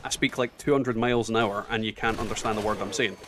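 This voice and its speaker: A man in his thirties with a softened Scottish accent, chatting casually and swearing as he plays a game on stream. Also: lowish voice, steady tone, fast talker, background noise. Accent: Scottish, toned down. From Scotland. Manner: chatty, swears, jokey asides. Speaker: gaming streamer. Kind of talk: casual chat while playing a game.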